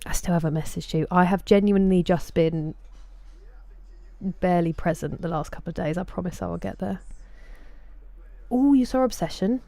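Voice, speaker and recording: A woman streamer talks casually to her viewers, greeting them by name and answering their messages one after another. Her voice sits a little low and sounds mellow and relaxed. The sound is close and dry, from a desk microphone in a room at home. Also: a little fast, creaky, dry recording. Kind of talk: casual live-stream chat.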